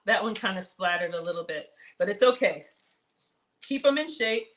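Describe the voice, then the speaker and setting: A woman's voice: medium pitch, expressive, normal speed, a bit bright, slight background noise, poor audio. Chatty woman cooking, talking to y'all. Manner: chatty, talks to viewers as y'all; flustered, keeps telling herself to focus. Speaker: cooking show host. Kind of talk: casual cooking livestream.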